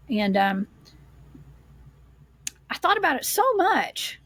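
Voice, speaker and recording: A woman guest on a casual podcast, rambling through her story with lively energy. Her voice sits a little high and comes out husky and breathy. The sound is close and dry. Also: slow pace, pauses often, no echo. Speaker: guest, paranormal investigator.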